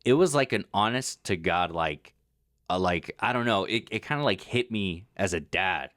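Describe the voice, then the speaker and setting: A young adult man co-hosting a casual podcast chat, an animated storyteller who acts out scenes with shouted quotes. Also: low voice, moderate pace, no room sound, studio quality. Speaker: podcast co-host.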